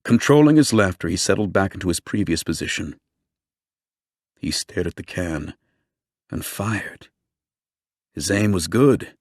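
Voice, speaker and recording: A man narrating a true-crime book in a steady, measured storytelling voice. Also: fairly low pitch, no room sound, studio quality. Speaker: audiobook narrator. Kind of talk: scripted narration.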